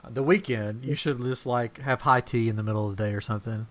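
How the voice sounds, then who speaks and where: A man's voice: mid-range voice, fast. A man hosting a podcast in casual chat. He is upbeat and teasing, and he often laughs. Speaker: podcast host.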